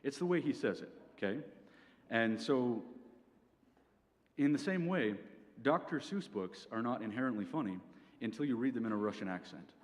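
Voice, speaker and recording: At a university venue, this young comedian delivers his set in a dry, lecture-like manner, often tossing in "okay?" asides. His medium-pitched voice is expressive, at normal speed, with frequent pauses. Long hall reverb and faint ambience fill the recording.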